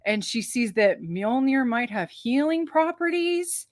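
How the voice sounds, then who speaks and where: A woman co-hosting a movie review show, talking in a chatty, rambling way with quick asides and restarts. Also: high voice, lively intonation, no echo, clean studio sound. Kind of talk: casual movie review chat.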